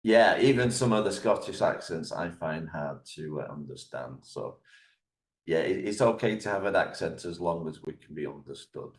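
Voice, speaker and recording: A man who teaches English exams, guesting on a podcast and explaining things in a measured, step-by-step way. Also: sits low, animated, roomy sound. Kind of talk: interview answers, explanatory.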